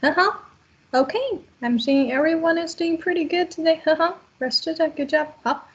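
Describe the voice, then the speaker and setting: A woman's voice: extremely high pitch, moderate pace, dull audio. A woman teaching a language class online, explaining patiently step by step over a video call.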